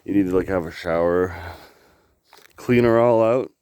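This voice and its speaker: A man's voice: low voice, normal speed, dark tone, clean tone, dry recording. A man from Canada rambling and swearing in a casual vlog outdoors by the water, filming on a handheld camera, laughing often. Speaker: vlogger.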